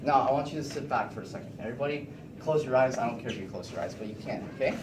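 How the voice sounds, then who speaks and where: A teenage boy giving an animated class presentation, often checking in with the class with "okay?". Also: medium pitch, racing. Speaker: student presenter. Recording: echoey room, distant mic, noisy.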